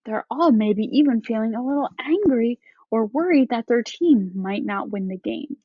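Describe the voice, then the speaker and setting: A woman teacher giving a reading lesson to first graders, explaining each point slowly and clearly. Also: fairly high pitch, lively intonation, no room sound, lo-fi sound. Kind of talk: recorded reading lesson for young children.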